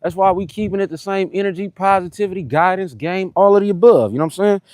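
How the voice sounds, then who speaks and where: A high-pitched, slightly mellow male voice talks fast on a dry recording. Between workout sets on a live fitness stream, he rambles loosely, greets commenters, and keeps saying "you know what I'm saying" as he chats casually with viewers.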